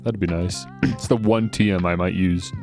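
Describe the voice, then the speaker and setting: A man's voice: deep voice, steady tone, moderate pace, darkish tone, faint music behind. A man giving casual, joking commentary while playing a video game. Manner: joking, chatty, laughs a lot. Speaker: let's play gamer.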